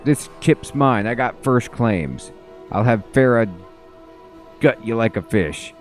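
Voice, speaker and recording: A man reading lines for a short, filthy, wheezing male trader in a game, gruff and snappish. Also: medium pitch, lively intonation, slow pace, soft background music, voice pushed up. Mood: surly.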